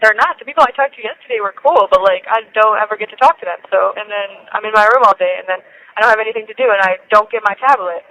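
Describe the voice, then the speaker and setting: A woman's voice: mid-range voice, quick pace, pushed and bright. A young woman on a phone call to her mother, agitated and irritated, swearing often and saying "like" all the time. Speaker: daughter calling from detention. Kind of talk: casual phone chat. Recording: tinny phone line with faint noise.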